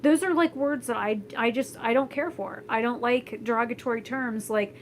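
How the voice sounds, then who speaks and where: This is a fairly high-pitched young woman from Florida, a vlogger, speaking at a moderate pace in a loose, rambling chat to camera as she does her hair and reads live chat at home. She's blunt, with lots of fillers and restarts, and the rough recording carries a little hiss or hum.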